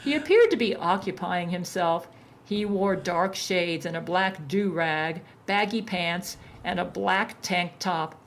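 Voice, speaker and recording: A woman narrating a story in a deadpan reading voice. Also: on the low side, measured pace.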